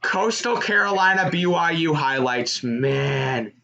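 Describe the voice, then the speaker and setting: A young man giving live reaction commentary on a college football game, excitable and shouting at big plays. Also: fairly high pitch, slow, creaky, muffled recording. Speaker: sports streamer.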